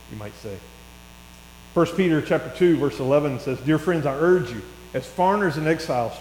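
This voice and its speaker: A middle-aged man preaching a sermon in a church, chatty and telling stories that swell into excited bursts. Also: on the high side. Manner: conversational, rising to excited storytelling. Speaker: pastor. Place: church hall. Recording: echoey hall with faint mains hum.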